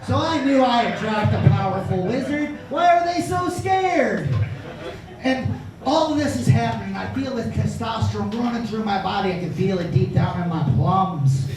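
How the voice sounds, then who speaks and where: A man's voice: high voice, moderate pace, crowd noise. A man doing a crude, brash stand-up comedy set on a small club stage, with audience laughter behind him. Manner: crude, brash, profane storytelling. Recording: echoey club from far off, noisy.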